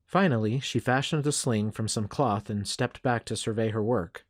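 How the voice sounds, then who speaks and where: A man narrating a first-person western audiobook in a steady, measured way. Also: fairly low pitch, dry recording, studio quality.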